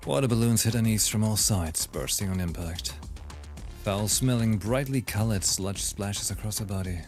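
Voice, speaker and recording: A man's voice: fairly low pitch, moderate pace, a little mellow, soft background music. A male streamer reading a game story aloud, with occasional laughing asides. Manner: reads narration evenly, laughs at jokes.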